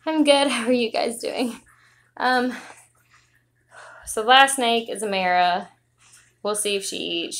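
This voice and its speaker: A woman's voice: mid-range voice, a bit bright. A young woman vlogging casually at home on her phone, chatting in a rambling way with lots of fillers, out of breath. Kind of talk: casual livestream chat. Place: home, indoors.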